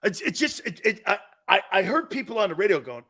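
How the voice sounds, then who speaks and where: A man's voice: high-pitched, lively intonation, a little fast, hardly any pauses, sharp tone. A man hosting a sports talk show, ranting bluntly and combatively, mocking other people's views with imitations. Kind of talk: opinionated sports radio rant.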